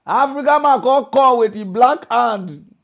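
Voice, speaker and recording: Nigerian Pidgin man, high voice, mocking comic rant host. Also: unhurried. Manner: animated, mocking, preachy lecturing. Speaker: comedy news host. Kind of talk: comedic rant.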